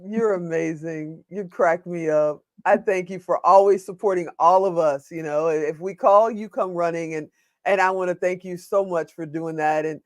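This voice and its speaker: A woman hosting a live online interview from her studio, laughing easily and thanking her guest warmly. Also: on the low side, normal speed, no echo. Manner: warm, giggly, gushing thanks. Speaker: host. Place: home studio.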